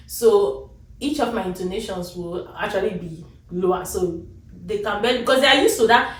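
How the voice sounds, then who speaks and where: A young woman, chatting casually as a vlogger, talking fast and laughing through her stories. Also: medium pitch. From Nigeria. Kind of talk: casual chat. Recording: roomy sound from a distance.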